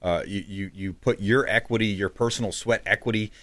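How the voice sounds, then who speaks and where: A man hosting a radio talk show in a casual, animated and indignant way. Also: on the low side, fairly quick.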